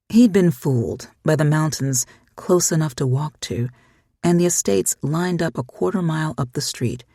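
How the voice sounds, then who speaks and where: An audiobook narrator reading a short story in an even, measured way. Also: medium pitch, no room sound, clean studio sound. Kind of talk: scripted narration.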